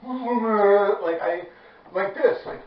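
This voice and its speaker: Speaking very slowly in a high register, a New York-accented man laughs his way through a graffiti story for his viewers, using loose, profane street talk. The recording is echoey and distant, dull-sounding with faint noise.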